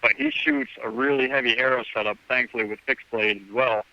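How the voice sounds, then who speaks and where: Guy telling a story on a podcast, super bright sharp voice, keeps going "i'm like", kinda dull lo-fi sound. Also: medium pitch, wildly swooping pitch, a little fast, gravelly, no room sound. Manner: rambling, acts out the dialogue with "I'm like" quotes. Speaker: guest hunter. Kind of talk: casual storytelling.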